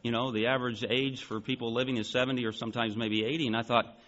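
A man in his forties preaching a sermon, telling a story with animated emphasis. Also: mid-range voice, fast talker, highs cut off. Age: 40s. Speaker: pastor.

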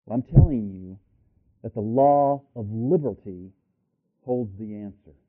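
A man's sermon pelts the congregation with one rhetorical question after another, his voice surging to loud, emphatic peaks. His pitch is on the low side and his pace a little slow. The audio is thin and tinny, like a phone call.

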